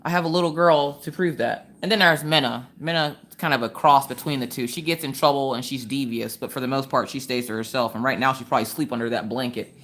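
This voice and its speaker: A woman's voice: extremely low pitch, fast, hardly any pauses, fairly bright tone. A woman in her thirties from Pennsylvania, hosting a casual crafting livestream from home, chatty and laughing often as she tells family stories. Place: home, indoors.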